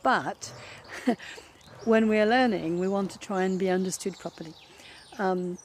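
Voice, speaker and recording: A middle-aged French woman, a native French speaker and French teacher, with a French accent, giving thoughtful advice in a reflective vlog and often pausing to search for words. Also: mid-range voice, a little hiss or hum. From France.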